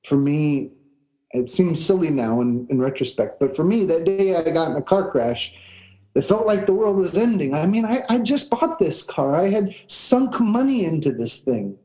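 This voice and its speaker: A pastor delivers his sermon in a fairly high yet mellow voice. He tells a personal story in an earnest, searching way, often doubling back on his words. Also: animated, moderate pace, low-quality recording. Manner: storytelling, earnest with repeated restarts.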